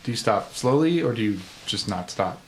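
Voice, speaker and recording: Animated man playing a tabletop game. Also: fairly low pitch, moderate pace, slightly rough. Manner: animated, acts out lines for his character. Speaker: player. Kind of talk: casual tabletop game play.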